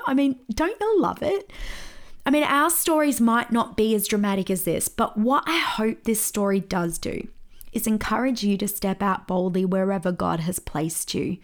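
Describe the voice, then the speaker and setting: A woman pastor teaches on her podcast by telling stories. Her voice sits in a middle pitch, and her manner is lively, with laughter slipping in as she tells her tale. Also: normal speed. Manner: lively storyteller, laughs at her own story.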